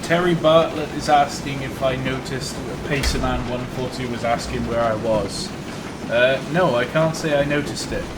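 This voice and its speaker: A man's voice: mid-range voice, moderate pace. A Welsh man hosting a live stream, chatting casually in a rambling, jokey way and reading out viewer comments. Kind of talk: casual live-stream chat while playing. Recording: noisy background.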